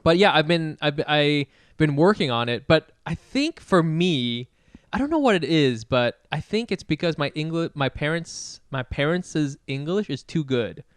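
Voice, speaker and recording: A man's voice: on the high side, expressive, normal speed, clean tone, dry recording. A man co-hosting a podcast, chatting casually with frequent agreement and restarts as he reflects. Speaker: podcast co-host.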